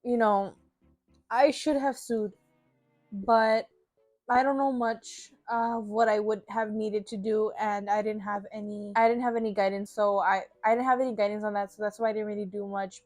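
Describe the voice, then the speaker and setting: A woman's voice: mid-range voice, a little mellow, no echo. A young woman vlogger telling a work story in a blunt, profane, casual way, full of fillers.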